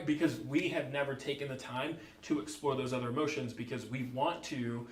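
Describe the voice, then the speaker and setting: A man's voice: medium pitch, steady tone, a little fast. Earnest man in an echoey room. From United States. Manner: earnest, reflective explaining. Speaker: podcast co-host. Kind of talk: casual book club discussion.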